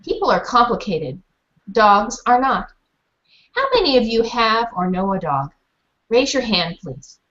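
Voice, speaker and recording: A woman's voice: on the high side, big pitch swings, unhurried, fairly bright tone, muffled recording. A woman voicing a friendly, plain-spoken older woman, a retired teacher turned dog trainer, in a storybook reading.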